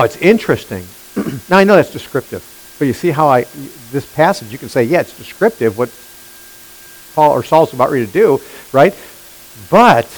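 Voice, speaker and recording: A man's voice: mid-range voice, rough recording. A male pastor preaching a sermon, emphatic and constantly questioning his listeners. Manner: animated, questioning the congregation, emphatic.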